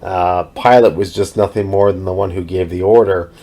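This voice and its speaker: A man's voice: sits low, fairly even intonation, moderate pace, mellow. A man hosting a show, reading a Bible passage aloud and commenting on it, stumbling and correcting himself as he goes. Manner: reads aloud with slips and self-corrections. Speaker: host reading scripture aloud.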